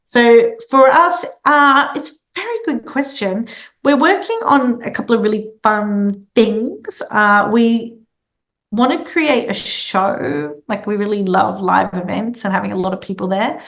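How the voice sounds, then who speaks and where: Woman guest, playful and lively storyteller, mid-range voice, conversational interview. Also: medium pitch, unhurried.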